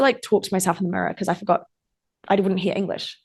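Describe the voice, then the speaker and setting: A young woman with a medium-pitched, steady voice and a breathy edge speaks quickly. She's a guest in a casual interview, a chatty storyteller who leans on "like" and reenacts old conversations as she goes.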